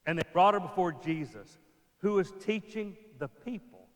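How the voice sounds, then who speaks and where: A man preaches in a church, acting out little scenes and then dropping to a near whisper to drive a point home. His voice sits a little high for a man. A long reverb trails behind each line. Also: lively intonation, moderate pace. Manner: acts out scenes, drops to a hushed voice for emphasis. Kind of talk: sermon.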